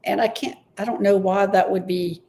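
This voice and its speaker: A woman's voice: mid-range voice, fairly even intonation, moderate pace, warm tone. A woman gives an intuitive reading on a live stream. She speaks tentatively, often stopping to admit she is unsure of what she is receiving. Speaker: intuitive reader.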